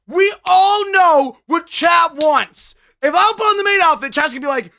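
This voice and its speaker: Male game streamer, high bright voice, theatrical mock-whining rants at chat. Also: brisk, few pauses. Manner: melodramatic, mock-whining outbursts. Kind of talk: live gameplay stream chat.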